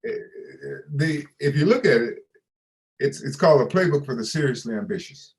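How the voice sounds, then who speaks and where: Older guy telling stories in an interview, voice goes all over the place, totally animated. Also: medium pitch, normal speed, vocal fry, poor audio. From United States. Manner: animated storyteller who acts out quoted dialogue. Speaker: interview guest. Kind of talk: storytelling interview.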